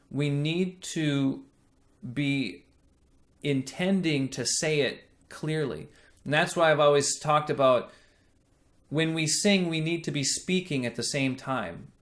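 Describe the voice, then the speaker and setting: Slow, bright-voiced male voice teacher. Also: on the high side. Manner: slow, explanatory teaching with frequent "right?" checks. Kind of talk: singing lesson with sung demonstrations.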